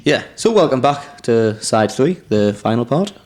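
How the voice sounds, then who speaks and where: Man, mid-pitched voice, chatty, agreeable, casual pub podcast host. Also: sing-song, measured pace, noisy background. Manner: chatty, agreeable, many yeahs.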